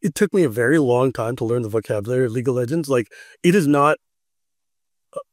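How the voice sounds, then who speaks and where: A man hosting a podcast, chatting casually and telling animated stories with frequent laughs. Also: medium pitch, fast talker, no room sound, studio quality. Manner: animated storyteller who laughs often. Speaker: podcast host.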